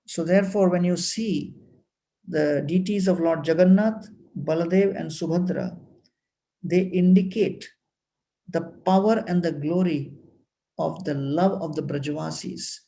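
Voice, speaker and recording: A man giving a measured devotional lecture at a temple festival, reciting Sanskrit verses and telling sacred stories. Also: fairly high pitch, gravelly, mellow.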